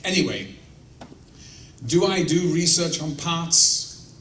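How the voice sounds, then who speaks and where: This man's voice sits a little high, slightly bright, animated yet slow, as he casually answers fan questions with blunt, profane, self-mocking stories. He's in a large convention room before an audience. The mic is far off, leaving roomy echo and faint noise.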